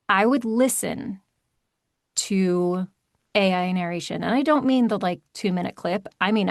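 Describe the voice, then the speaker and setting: Woman narrator, podcast guest, emphatic and quick, dry close sound. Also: mid-range voice, dry recording. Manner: animated, emphatic, quick asides. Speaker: audiobook narrator. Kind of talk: podcast interview, conversational.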